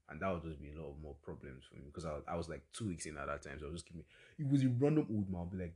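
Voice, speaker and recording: A young man with a Nigerian accent hosting a casual solo storytelling podcast, chatty and exclamatory with quick asides. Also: sits low, animated, dark tone. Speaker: podcast host.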